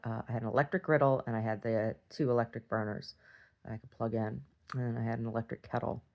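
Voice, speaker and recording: A woman's voice: a bass voice, darkish tone. A woman talking casually in a video diary, chatty and self-interrupting, laughing often. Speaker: video diarist.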